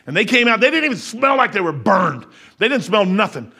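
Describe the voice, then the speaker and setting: A middle-aged man preaching a sermon in a folksy, emphatic way, repeating phrases and swinging between raised passages and quiet asides. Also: sits high, sing-song, fairly quick, husky.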